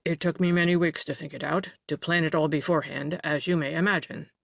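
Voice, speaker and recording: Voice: mid-range voice, steady tone, brisk, creaky, no echo. An audiobook reader voicing a boastful male detective who relishes telling his crimes, on a dry, dull recording.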